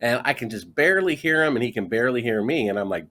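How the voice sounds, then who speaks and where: A man's voice: mid-range voice, animated, fast, few pauses, bright, forceful tone. A middle-aged man, a guest author in a conversational interview, telling his story with energy and acting out the dialogue he quotes.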